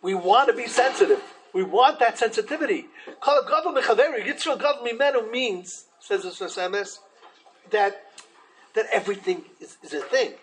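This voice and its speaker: High-voiced man teaching a Torah class. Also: moderate pace, slight background noise, rough recording. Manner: animated, many restarts, acts out quotes.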